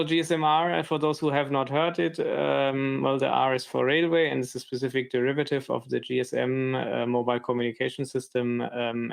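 A man gives a technical presentation over a video call, pausing often with ums and uhs. His voice is gravelly and stays flat in pitch, and he lays points out slowly one by one. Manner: hesitant, many fillers.

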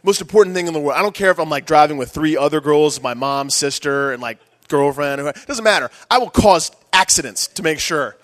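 A man's voice: a little high, lively intonation, brisk, hardly any pauses, fairly bright tone, dry recording, clean studio sound. A young man doing a stand-up comedy set in a club, rambling, self-mocking and crude.

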